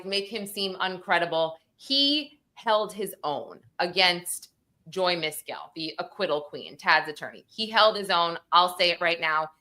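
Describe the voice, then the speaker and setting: A woman's voice: on the low side, pushed and bright. A woman recapping a court hearing in emotional casual talk, rambling, quoting people, tearful and close to crying. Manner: rambling, quotes people in acted voices.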